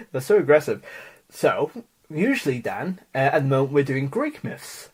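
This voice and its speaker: A man's voice: mid-range voice, wildly swooping pitch, measured pace, breathy edge. A young man co-hosting a podcast in casual, teasing chat, often laughing. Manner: playful, teasing, prone to laughing. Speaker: podcast co-host.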